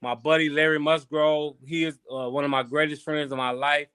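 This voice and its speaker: A man from Chicago, a former boxer, guesting on a podcast and telling stories from his life in a loose, animated, slangy way with plenty of swearing. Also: fairly high pitch, normal speed, clear, resonant tone, dry recording. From Chicago, USA. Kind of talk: casual storytelling interview.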